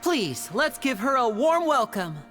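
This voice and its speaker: An actor playing a charming young male stage magician in a game, theatrical and smoothly teasing. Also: very high voice, big pitch swings, a little slow, over music, heavily acted. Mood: showy.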